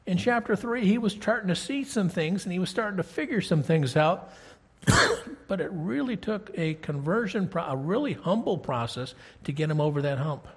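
Husky-voiced preacher teaching scripture. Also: male voice, high voice, animated, normal speed. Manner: reads scripture aloud, then asks the listeners questions. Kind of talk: conversational Bible teaching.

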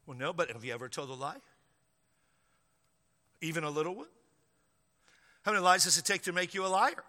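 A man's voice: on the high side, a little fast, sharp tone, in a large hall. A man preaching a sermon in a church, acting out the doubts of his listeners in quoted voices. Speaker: pastor.

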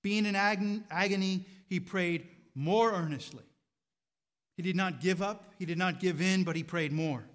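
A man pastor preaching a sermon, asking rhetorical questions with rising fervor and then dropping to a quiet, reflective tone. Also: high-pitched, normal speed. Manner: drops to a quiet, reflective tone at times.

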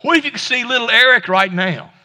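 Preacher guy, high voice that jumps all over, talking folksy to the church, echoey hall. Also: expressive, a little fast, pushed and bright. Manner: conversational, folksy preaching with stammered restarts. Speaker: pastor. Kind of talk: sermon. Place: church sanctuary.

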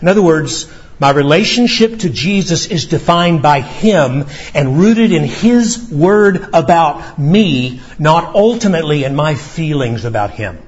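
A man preaching in a church, his voice husky and a little high. He speaks earnestly, voicing quoted lines and stumbling over quick restarts. The recording sounds dull and lo-fi. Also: animated. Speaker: pastor. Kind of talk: sermon. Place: church sanctuary.

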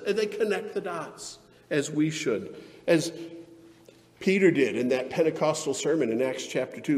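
A man's voice: fairly high pitch, normal speed, a little mellow. Earnest preaching man in a reverberant hall. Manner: earnest, emphatic preaching that builds in intensity. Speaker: pastor. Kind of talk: sermon.

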